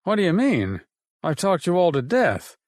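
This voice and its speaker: A man's voice: high voice, huge pitch swings, moderate pace, darkish tone, dry recording, voice pushed up. A man voicing a practical, blunt man with dry humor in an audiobook. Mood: joking. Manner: blunt and wry. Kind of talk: audiobook narration.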